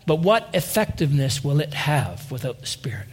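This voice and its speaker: A man with a fairly high voice preaches to his congregation. He is earnest and builds into impassioned appeals, calling out to listeners by name. His voice lifts higher as the urgency grows. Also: big pitch swings, normal speed, breathy edge. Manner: addresses listeners as saints and by name. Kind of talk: sermon.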